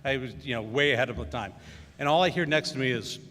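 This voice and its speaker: A man's voice: medium pitch, quick pace, noisy background. Man rambling through stories in a hall. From Wisconsin. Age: middle-aged. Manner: storytelling with many fillers and acted quotes. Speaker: commencement speaker. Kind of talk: anecdotal speech. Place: large hall. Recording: reverberant hall.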